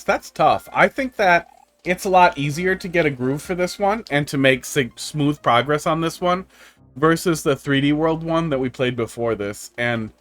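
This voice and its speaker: During a casual live stream of a video game, a man with a slightly high, somewhat bright voice talks with his viewers over faint background music. He rambles through tech stories full of profanity and dry humor.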